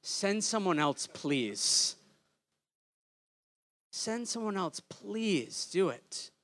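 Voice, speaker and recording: A man's voice: sits high, fairly quick, a bit bright. Moses, a timid old man, as a preacher voices him. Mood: doubtful. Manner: hesitant, self-doubting.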